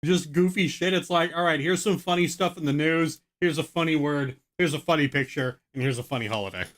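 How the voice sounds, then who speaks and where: Male streamer; laid-back, rambling, swears, slightly high pitch. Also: a little fast, a bit bright. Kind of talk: casual reaction commentary.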